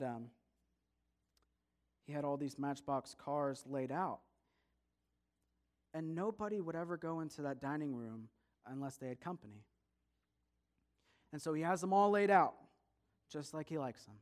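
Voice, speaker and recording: A man telling a story to an audience, lively and speaking straight to his listeners. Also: mid-range voice.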